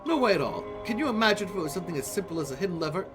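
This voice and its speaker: A man's voice: sits high, very animated, very fast, music in the background, voice pushed up. A man voicing a prim, flustered woman librarian in a video game, sweet and evasive, calling people dearie. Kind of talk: reading game dialogue aloud.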